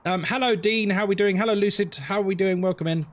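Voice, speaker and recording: A man hosting a casual live stream of a horror game, greeting viewers one by one with quick jokes. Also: high-pitched.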